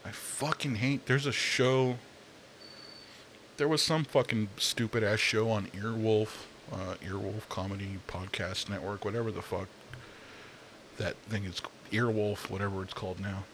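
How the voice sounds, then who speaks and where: A young man rants in a slow, unhurried monologue, his voice sitting fairly low. He swears freely and rambles, leaning on fillers and heavy sighs. Faint noise hums behind him. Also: fairly bright tone. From Latino, Spanish speaker. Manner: profane, ranting, frequent fillers and sighs. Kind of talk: casual rant monologue.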